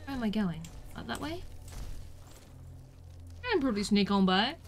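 Faint music plays behind this young UK streamer as she comments casually on her gameplay at a normal speed. Her medium-pitched voice is lively, her jokes are at her own expense, and she lets out squeals when she gets hit.

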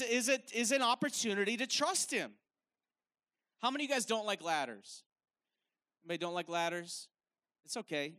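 A man's voice: very high-pitched, bright, forceful tone. A man preaching a live sermon on stage, talking casually and emphatically with lots of fillers. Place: stage at a worship event.

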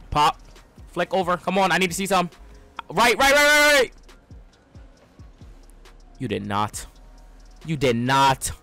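This gaming streamer is a young man calling his own gameplay live, excitable and full of trash talk, his volume jumping from shouts down to low mutters.

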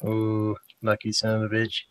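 A man's voice: on the low side, monotone, moderate pace, a bit bright, smooth, faint music behind. A man hosting a casual group chat about vaping, laid-back and joking, with some swearing. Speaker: vaping show host.

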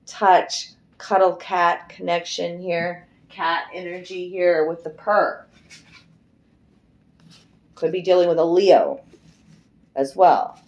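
Her voice is lowish and a little mellow as this middle-aged tarot reader works through the cards. The reading is chatty and loose, emotional, full of free swearing, and now and then she starts singing.

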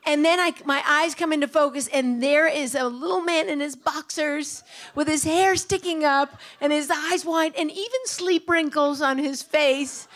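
A woman doing stand-up storytelling on stage, animated, jumping into a loud high voice when she acts out what people said. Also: normal speed. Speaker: storyteller comedian.

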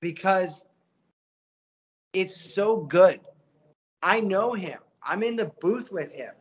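Animated man, voice actor. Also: high-pitched, slow, slightly rough. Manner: animated, motivational, voices quotes. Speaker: voice actor guest. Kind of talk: casual interview chat.

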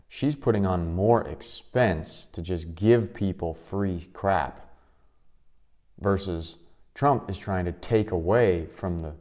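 A man's voice: low voice, darkish tone. A man giving blunt, scornful reaction commentary on a clip. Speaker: commentary vlogger.

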